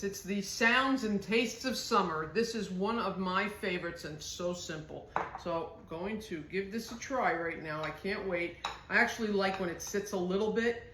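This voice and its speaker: A woman's voice: fairly low pitch, normal speed, echoey room, background noise. Chatty New Jersey woman cooking at home. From northern New Jersey. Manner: chatty, homey, reminiscing. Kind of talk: casual cooking demonstration.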